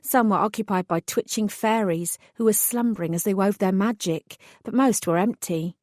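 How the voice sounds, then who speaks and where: A woman reads a first-person fantasy audiobook with wry, expressive delivery. Her voice sits at an ordinary pitch and is recorded close and very dry, with no room sound. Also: normal speed, no room sound. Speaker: audiobook narrator. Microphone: close studio mic.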